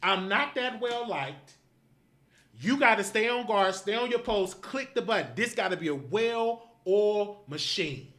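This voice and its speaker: A man's voice: high voice, animated, unhurried, fairly bright tone. A man hosting a live show, angrily scolding his producer in a profane, repetitive rant. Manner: repetitive, emphatic commands. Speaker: show host.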